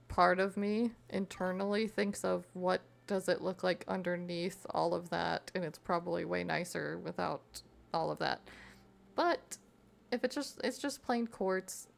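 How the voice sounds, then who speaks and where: A woman's voice: lowish voice, steady tone, normal speed, gravelly. A young woman streamer chatting casually with her viewers while crafting, reading chat aloud and giggling often.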